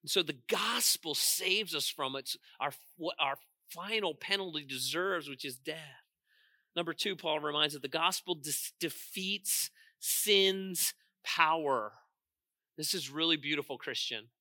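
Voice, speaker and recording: A man preaching a sermon as pastor, stressing points loudly, dropping into quiet asides and asking the congregation questions. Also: on the high side, a little slow, no echo, studio quality.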